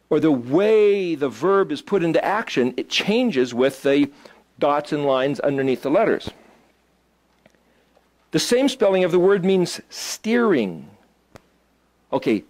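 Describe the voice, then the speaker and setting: A man teaching a small group in a relaxed way, thinking aloud as he looks things up and putting questions to his listeners. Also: fairly high pitch, slow pace, pauses often. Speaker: Hebrew study teacher.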